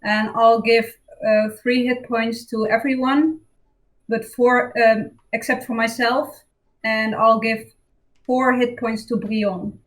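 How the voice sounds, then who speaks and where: Slow-talking woman player. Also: fairly high pitch, steady tone, low-quality recording. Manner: slow, deliberate, with fillers. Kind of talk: tabletop game play over a call.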